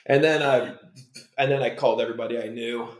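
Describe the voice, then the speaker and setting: Man, podcast guest, enthusiastic storyteller, mid-pitched, roomy echoey sound. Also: fairly even intonation, fast. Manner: enthusiastic storyteller, trailing restarts. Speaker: guest, motion designer. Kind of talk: casual podcast interview. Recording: roomy echo.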